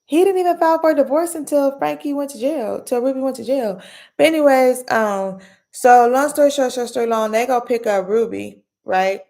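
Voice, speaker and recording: A woman's voice: sits high, fairly quick, vocal fry, a little mellow. Chatty woman host, slangy storytelling. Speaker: commentary host. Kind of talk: casual late-night commentary.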